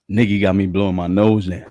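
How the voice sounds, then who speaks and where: Male livestream host, very deep voice, congested, slangy, greets viewers. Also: no room sound, studio quality. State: stuffy nose, throat catching. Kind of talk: casual live commentary.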